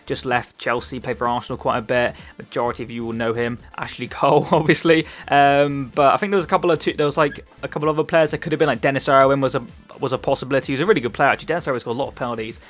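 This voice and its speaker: A young man in his twenties with a Cornish accent talks quickly through a casual gameplay commentary. He rambles in a chatty way, restarting words and filling gaps with ums, over faint background music. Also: medium pitch, fairly even intonation, a bit bright. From Cornwall, England. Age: 20s. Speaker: gaming YouTuber.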